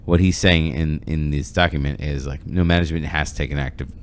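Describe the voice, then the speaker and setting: A man's voice: a bass voice, fairly even intonation, brisk, a little hiss or hum. A man hosting a podcast in casual discussion, rambling with many fillers and restarts. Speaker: podcast host.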